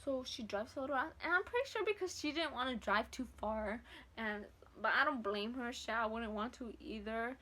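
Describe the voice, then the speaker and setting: Speaking at a moderate pace in a voice on the high side, this young woman vlogger spins a lengthy personal tale. She's animated throughout, voicing the other characters herself, cursing without restraint, and slipping into Spanish.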